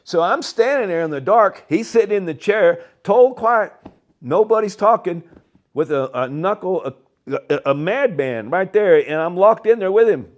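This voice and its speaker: An older man, telling a long story as a guest, animated and halting, with frequent chuckles. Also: high-pitched. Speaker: interview guest. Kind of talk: rambling storytelling.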